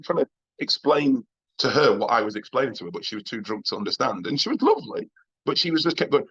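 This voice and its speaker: A Northern English comedian from England, chatting as a podcast guest and telling blunt, sweary anecdotes with laughs between points and frequent restarts. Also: male voice, mid-range voice, big pitch swings, fast, fairly bright tone, breathy edge, lo-fi sound. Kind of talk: casual interview storytelling.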